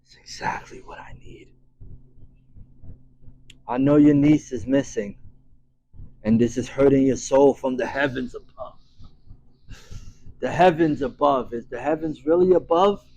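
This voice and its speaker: A man voicing an anguished grown man searching for his lost daughter, in a slow, solemn monologue that drops into whispers. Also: mid-range voice, warm tone, natural voice, poor audio. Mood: earnest. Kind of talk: dramatic monologue reading.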